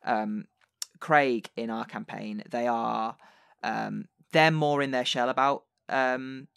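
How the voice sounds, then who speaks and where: A man's voice: medium pitch, fairly even intonation, takes it slowly, creaky, a bit bright, clean tone, dry recording, clean studio sound. A man hosting a podcast, chatting casually with lots of fillers and restarts. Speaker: podcast host and dungeon master.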